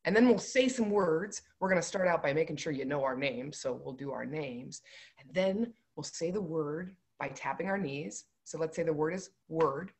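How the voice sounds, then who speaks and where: A woman's voice: low-pitched, normal speed. A woman leading a children's library storytime, playful and bouncy, chanting rhymes with kids.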